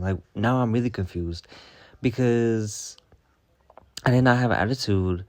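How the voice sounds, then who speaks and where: Brisk and lowish in pitch, a storytime vlogger rants casually about his experience. He swears, sounds exasperated, and keeps throwing out rhetorical questions.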